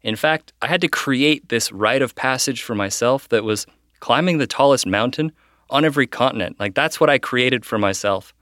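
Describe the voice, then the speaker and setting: A man's voice: medium pitch, a bit bright, dry recording, studio quality. A man author talking in an earnest, reflective way. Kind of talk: casual talk.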